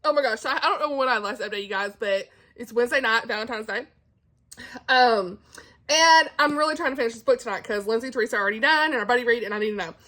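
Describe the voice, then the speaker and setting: A woman's voice: fairly high pitch, fast, bright, forceful tone. A woman vlogging casually into her phone camera at home, gushing and laughing about a book. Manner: gushing, emotional, laughs often, says like a lot. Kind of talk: casual reading vlog to camera. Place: at home indoors.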